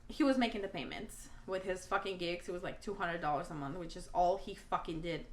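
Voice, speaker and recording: A woman's voice: on the low side, fairly quick, reverberant, a little hiss or hum. A woman telling an emotional storytime vlog, blunt and rambling, swearing a lot, a native Spanish speaker talking in English. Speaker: vlogger.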